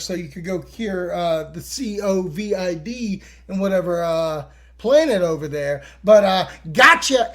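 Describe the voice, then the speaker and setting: A man talks through a TV episode on his podcast, loose and profane, slipping into quick voices for the characters. His pitch swings widely as he gets worked up, and the whole thing has an easygoing, chatty feel. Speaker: podcast host. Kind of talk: casual episode recap.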